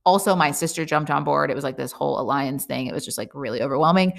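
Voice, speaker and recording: Speaking quickly with vocal fry in a low register, a young female podcast host gives a casual personal monologue. She lives abroad and addresses her listeners candidly, rambling along with plenty of fillers and curse words.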